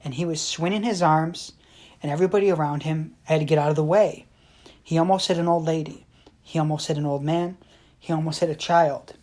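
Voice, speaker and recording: A woman co-hosting a podcast tells teaching stories in an earnest, measured way. Her voice is low for a woman. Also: a little mellow. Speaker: podcast co-host. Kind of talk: storytelling in a casual chat.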